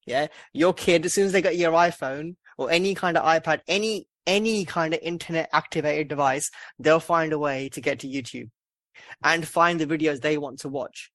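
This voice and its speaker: A man's voice: on the high side, normal speed, fairly bright tone, no room sound. Male podcast host, banter-heavy, swears freely, dry close sound. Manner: jokey, swears, laughs at own jokes. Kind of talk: casual banter.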